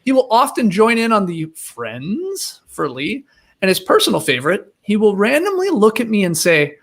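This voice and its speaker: A man with a fairly high voice hosts a casual podcast. He reads listener emails and trades jokes in an easygoing way. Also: wildly swooping pitch, normal speed, a bit bright. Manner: easygoing and jokey. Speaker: podcast host.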